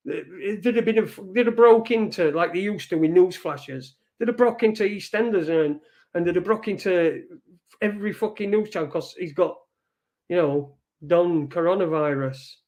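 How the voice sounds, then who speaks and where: A man's voice: high-pitched, darkish tone. A man hosting a live stream, rambling through news headlines in a casual, sweary commentary. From Britain. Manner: rambling, swears often, reads headlines aloud.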